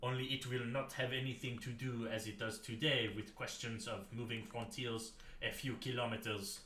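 A man voicing a pompous nineteenth-century French anthropologist reading a lecture, in a low throaty put-on voice. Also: little pitch movement, moderate pace, bright, forceful tone, echoey room, slight background noise, natural voice. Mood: grave.

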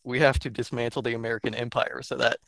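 A man's voice: medium pitch, fast, gravelly, dry recording. A young man from Georgia with an Atlanta accent, talking bluntly and profanely in casual political podcast chat. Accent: Atlanta Southern US. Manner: blunt, profane, animated storytelling.

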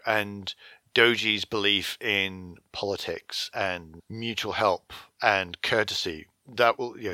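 A man co-hosting a podcast, chatting casually and explaining lore with quick asides. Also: fairly low pitch, sharp tone, no room sound. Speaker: podcast co-host. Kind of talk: casual chat.

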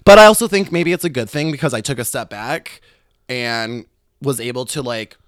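A young man telling personal stories in casual chat, animated and swearing often, acting out what others said. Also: medium pitch, moderate pace, no echo, clean studio sound. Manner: animated, swearing, quoting others in acted voices. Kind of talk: casual storytelling.

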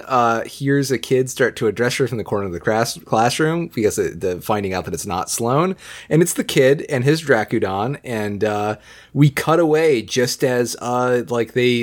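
A man recaps an episode in loose, rambling talk, leaning on "uh" and "you know" as he goes. His voice sits at an ordinary middle pitch. He talks like one friend chatting with others. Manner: rambling, many fillers, swears casually. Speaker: podcast co-host.

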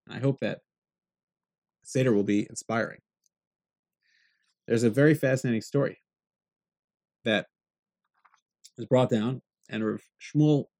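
This Torah teacher's lively lecture mixes Hebrew phrases into plain English explanation. His gravelly, fry-laden voice usually sits mid-range, climbing high whenever he hammers a point home.

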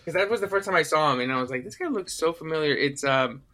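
Bright-voiced young man chatting casually. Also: fairly high pitch, animated, fast. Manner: rambling, filler-heavy, acts out movie lines. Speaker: podcast co-host. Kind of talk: casual chat.

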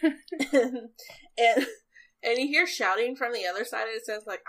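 A woman's voice: a little high, expressive, normal speed, fairly bright tone, rough recording. A woman narrating a tabletop role-playing game as game master, chatty and rambling, often laughing.

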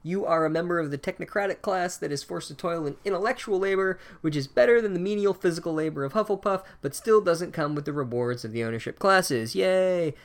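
A man's voice: high voice, brisk, hardly any pauses, voice pushed up. A man voicing a sarcastic magic hat that sorts students, in a mock-solemn tone. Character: snarky singing magic hat sorting students.

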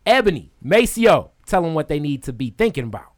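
Laid-back low-voiced woman host. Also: big pitch swings, fairly quick. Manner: laid-back, announces episodes and reacts. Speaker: podcast host. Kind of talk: casual chat.

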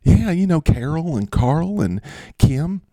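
A man's voice: on the high side, big pitch swings, takes it slowly, mellow, dry recording, pitched above the performer's own voice, heavily acted. Give me a man putting on an eager folksy farmer with a drawl, talking up his lambs in a dry close mic. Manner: drawling and pushy, keeps showing off. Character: folksy eager male lamb farmer, proud and chatty. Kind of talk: comedy podcast character bit.

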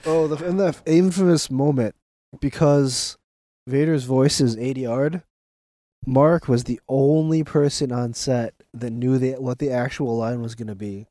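A man in a relaxed podcast chat who tells stories with lively energy, jumping into quoted voices and laughing as he goes. His voice sits in an ordinary middle register. It is recorded close and dry, with no room sound. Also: medium pitch, a little slow, no echo. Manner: animated storyteller, acts out quotes with laughs. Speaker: podcast co-host. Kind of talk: casual chat.

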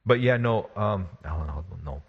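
Husky man, rambling chat. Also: on the low side, animated, a little fast, dull audio. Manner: rambling, restarts often, laughs while talking. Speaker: podcast co-host and game master. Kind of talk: casual chat.

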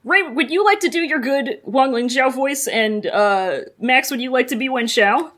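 A woman's voice: sits high, a bit bright. A woman co-hosting a podcast, playful and jokey, with some trouble in her throat. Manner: playful, joking, quick to laugh. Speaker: podcast co-host. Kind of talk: casual chat.

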